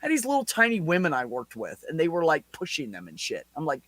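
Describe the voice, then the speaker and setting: A man's voice: on the high side, fast, dry recording. A man in his forties, a podcast host telling a story in casual, heavily profane chat. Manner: profane, animated anecdote with laughs.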